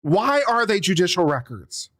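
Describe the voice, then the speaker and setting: A man's voice: high voice, big pitch swings, moderate pace, a bit bright. A man, an attorney, reading out a legal brief and picking it apart with sarcastic, exasperated asides, coughing now and then. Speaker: attorney commentator.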